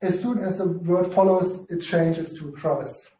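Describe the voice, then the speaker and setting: Hesitant teacher. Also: male voice, high voice, fairly even intonation, unhurried, dark tone, distant mic. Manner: hesitant, many fillers and restarts. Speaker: Greek language teacher. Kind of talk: informal online lesson. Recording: echoey room, off-mic.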